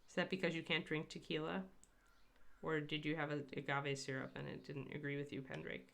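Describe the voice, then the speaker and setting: A woman's voice: low-pitched, flat delivery, brisk, creaky, a bit bright. A woman hosting a casual painting demonstration, chatty and rambling as she answers viewers in a live chat. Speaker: miniature painter hosting a livestream.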